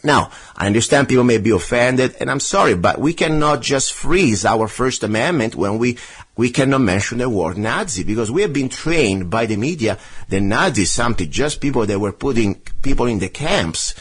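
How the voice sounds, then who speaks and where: Husky, animated radio host with an accent. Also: male voice, medium pitch, moderate pace. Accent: foreign accent. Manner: impassioned, argumentative, rebutting a listener letter. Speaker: radio talk show host. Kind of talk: talk radio monologue.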